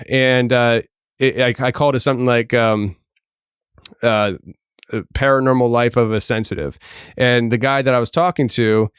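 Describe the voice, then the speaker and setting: A man hosting an interview podcast, relaxed and jokey, with many fillers. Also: medium pitch, clear, resonant tone, dry recording, clean studio sound. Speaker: podcast host. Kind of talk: casual interview chat.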